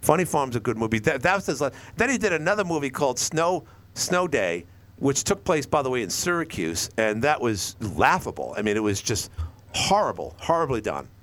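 A man hosting a call-in radio talk show, rambling and animated as he acts out lines from shows. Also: mid-range voice, brisk.

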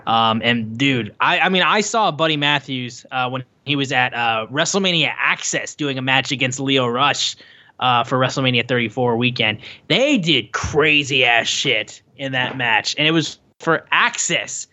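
A man co-hosting a casual wrestling podcast, excitable and loose, with lots of swearing and "like" fillers. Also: medium pitch, normal speed, highs cut off. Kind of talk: casual chat recapping a wrestling show.

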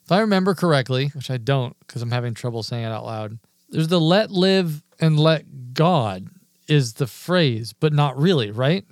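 A man's voice: mid-range voice, animated, moderate pace, no room sound, clean studio sound. A man co-hosting a podcast in casual chat, joking and teasing his bandmates and laughing often. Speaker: podcast co-host and band member.

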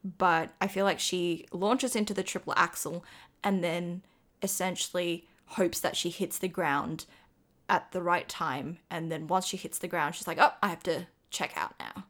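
A woman's voice: on the low side, fairly even intonation, unhurried, a bit bright. Australian woman, casual slangy chat. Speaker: co-host.

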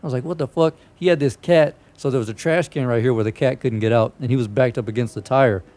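A man's voice: mid-range voice, fast, darkish tone. A young man hosting a podcast, telling stories in a casual, profane way and often breaking into laughter. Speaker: podcast host. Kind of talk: casual chat.

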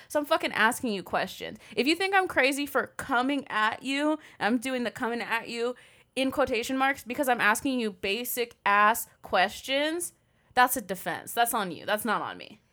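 A young woman co-hosting a casual chat, blunt and animated, swearing freely. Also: fairly high pitch, normal speed.

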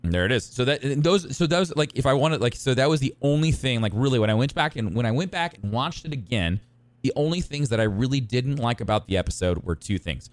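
Excitable male podcast co-host, lively pitch swings, dry close sound, rambling delivery. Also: fast talker, no room sound. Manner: excitable, rambling with many restarts. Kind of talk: casual chat.

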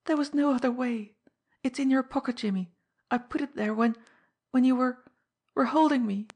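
A woman's voice: high-pitched, normal speed, darkish tone, voice pushed up. A woman voicing a brave young heroine in an audiobook, speaking in a tearful, pleading way.

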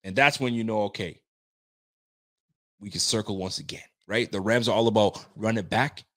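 This live-stream host has a fairly low voice and talks at a normal pace. Reading viewers' comments, he chats with fans in loose slang, curses without restraint, and gets increasingly hyped.

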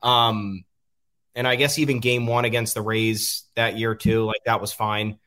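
A man's voice: lowish voice, little pitch movement, unhurried, bright, forceful tone. Rambling male sports podcast host. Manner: rambling, frequent ums, frustrated. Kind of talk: casual sports commentary.

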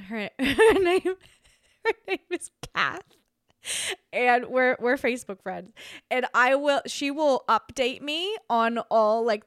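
A woman's voice: a little high, a bit bright, dry recording, clean studio sound. A young Australian woman hosting a podcast, chatting casually on her own, giggly and rambling with frequent restarts. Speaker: podcast host. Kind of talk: casual solo chat.

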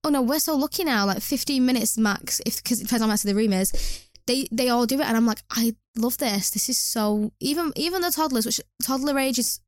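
A woman's voice: sits high, fast, no room sound, studio quality. A young woman hosting a podcast, chatting casually with rambling asides and self-mocking restarts. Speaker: podcast host. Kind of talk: casual chat.

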